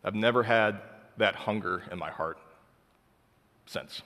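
A young man speaks with a somewhat low voice, recounting his personal testimony in a relaxed, heartfelt way, leaning on "like" as he goes. His words ring out with a long hall reverb. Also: a little slow. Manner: casual, heartfelt storytelling full of "like".

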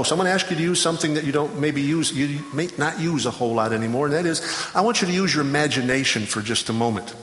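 A man's voice: mid-range voice, fairly bright tone, a little hiss or hum. A middle-aged man giving a folksy sermon in a chapel, telling stories and often restarting his phrases. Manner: folksy storytelling with repeated restarts. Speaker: chapel speaker. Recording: roomy chapel reverb, faint ambience.

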